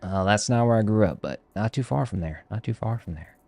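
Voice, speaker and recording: Deep-voiced man in a Texas drawl. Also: fairly quick, darkish tone. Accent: put-on Texas drawl. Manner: joking, profane banter with viewers. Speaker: live streamer. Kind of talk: casual livestream chat while gaming.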